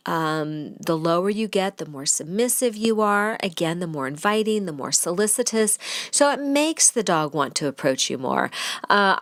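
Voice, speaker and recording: Brief: woman dog trainer for a podcast, chatty and blunt, playful teasing, dry close sound. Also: dry recording. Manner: animated, with lively shifts in pitch. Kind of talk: casual advice podcast monologue.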